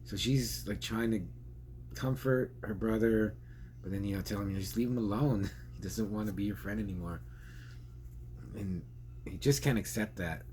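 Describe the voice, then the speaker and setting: A man's voice: fairly low pitch, fairly even intonation, moderate pace, pauses often, darkish tone, slight background noise. A man giving a casual, rambling spoken film review, chatty and laughing often.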